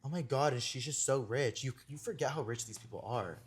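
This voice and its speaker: A man's voice: mid-range voice, fairly quick, slightly rough. Gossipy young man, chatty storyteller. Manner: gossipy, animated storytelling with many "like" fillers. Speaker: podcast host. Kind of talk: casual chat.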